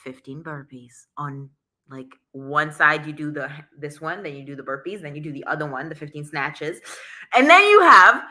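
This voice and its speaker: Young woman, live-stream host, bright sharp voice, slightly low pitch, out of breath, chatty, greets viewers by name. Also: lively intonation, moderate pace. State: out of breath after a workout. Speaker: social media coach and live-stream host.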